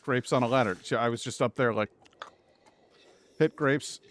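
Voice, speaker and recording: A man's voice: medium pitch, normal speed, background noise. Rambling, pun-loving male streamer. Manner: rambling, jokey, punning. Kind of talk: casual live gameplay commentary.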